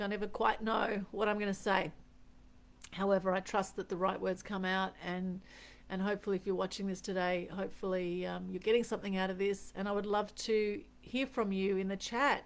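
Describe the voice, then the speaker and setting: A woman's voice: medium pitch, flat delivery, fairly quick. A middle-aged Australian woman hosting an unscripted live stream, talking earnestly and reflectively and repeating key phrases for emphasis. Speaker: host. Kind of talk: unscripted Facebook Live chat.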